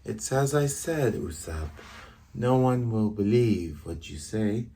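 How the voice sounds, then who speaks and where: Dude doing a cold pirate boss, slow quiet menace, husky. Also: male voice, on the low side, expressive, heavily acted. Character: cold calculating adult male pirate captain.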